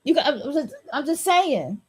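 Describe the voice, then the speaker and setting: A woman's voice: high voice, very animated, moderate pace, darkish tone. A woman hosting a solo podcast, talking in a blunt, repetitive, preachy and profane way. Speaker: podcast host.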